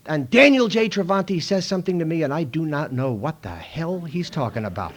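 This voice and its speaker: A man's voice: a little high, expressive, brisk, hardly any pauses, a bit bright, slight background noise. A middle-aged man speaking at a recovery meeting in a school room, telling a story to a live audience and acting out other people's lines.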